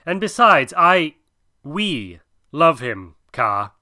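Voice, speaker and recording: A man's voice: on the high side, big pitch swings, drawn-out words, sharp tone, heavily acted. A man doing an old, earnest teacher bear.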